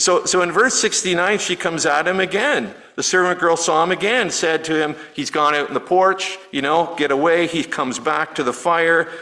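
A man's voice: fairly high pitch, sharp tone, low-quality recording. A man preaching a sermon in a conversational way, often asking his listeners questions. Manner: conversational, asks the audience questions, many restarts. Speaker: pastor.

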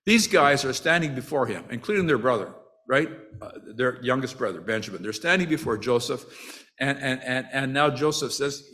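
A man's voice: mid-range voice, expressive, a little fast, a bit bright. A man preaching a sermon in a conversational way, often restarting his sentences and adding asides. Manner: acts out the brothers' quoted lines with rising emotion.

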